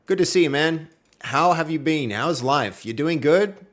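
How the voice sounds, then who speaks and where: A young Australian man with a higher-pitched, lively voice talks unhurriedly to his stream viewers while coding. He's a livestreaming programmer, friendly and loose, his casual chat full of fillers, and he reads out audience messages as they arrive.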